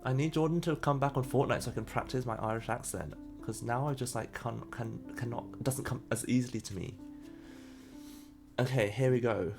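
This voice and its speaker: Man, streamer, casual chat, mid pitch, excitable, faint background music. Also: brisk. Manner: chatty, reacts to pulls and reads chat; unsure of pronunciations, laughs often. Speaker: streamer opening trading cards.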